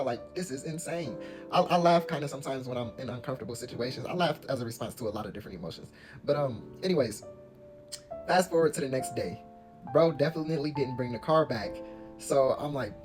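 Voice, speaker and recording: A young man with a fairly high voice tells a story in a slangy, rambling way, full of asides. Soft guitar music plays underneath. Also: a little fast. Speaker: storyteller vlogger. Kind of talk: casual storytime. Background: faint guitar music.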